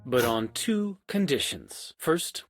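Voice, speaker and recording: A man voicing a calm, wry asylum inmate in a video game, matter-of-fact in his explanations. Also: mid-range voice, slow. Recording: game audio with faint music.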